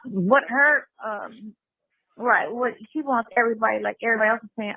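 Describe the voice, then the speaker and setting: A woman's voice: fairly high pitch, a little fast, gravelly, no room sound. A woman chatting casually on a phone call into a livestream, rambling and swearing freely. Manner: rambling, acts out other voices, swears freely. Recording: tinny phone line, dry.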